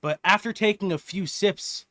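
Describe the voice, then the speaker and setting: A man narrating as game master of a tabletop game, relaxed and often laughing. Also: sits high, normal speed, no room sound.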